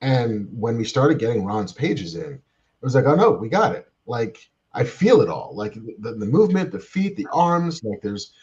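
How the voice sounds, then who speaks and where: A man's voice: medium pitch, animated, normal speed, darkish tone. A man speaks over a video call, his voice coming through muffled and lo-fi. He explains his thoughts in a loose, thinking-aloud way, leaning on fillers as he goes. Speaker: guest writer on a comics podcast. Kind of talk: casual chat. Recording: dull lo-fi video call audio.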